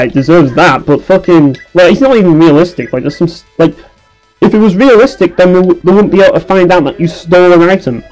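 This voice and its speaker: In a rough recording, a young man doing let's play commentary rants and swears his way through a game with plenty of sarcasm. His pitch is fairly high and his tone darkish.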